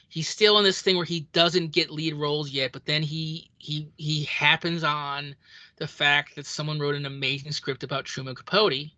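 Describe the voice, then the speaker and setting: Bright, dry-sounding podcast co-host. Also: mid-range voice, no echo. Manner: animated storyteller, acts out quoted lines. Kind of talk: casual film chat.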